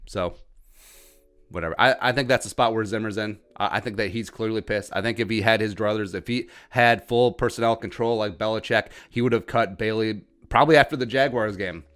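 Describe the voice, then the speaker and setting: A man's voice: fairly low pitch, fairly even intonation, brisk, few pauses, fairly bright tone, clean tone. A young adult man hosting a sports commentary podcast, ranting in a heated, sarcastic way. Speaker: podcast host.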